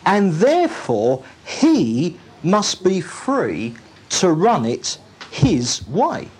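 A preacher delivers a sermon at a slow, deliberate pace, and the voice carries a husky, slightly breathy grain. The pitch rises and falls in lively swings. Key phrases come back again and again, and questions are put straight to the listeners. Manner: emphatic, repeats key phrases and asks listeners rhetorical questions.

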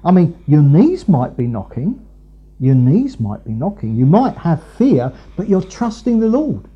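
Man preaching, husky and very dark-toned, slightly high voice, dull lo-fi recording, rambling. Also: wildly swooping pitch, measured pace. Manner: rambling, many fillers and restarts. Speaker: preacher, Bible teacher. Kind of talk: conversational sermon.

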